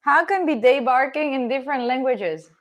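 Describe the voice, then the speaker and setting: Streaming live from her home kitchen with the door open, a young Italian-accented woman cooks and chats playfully with her audience, swearing every so often. She speaks at a moderate pace in a high-pitched voice.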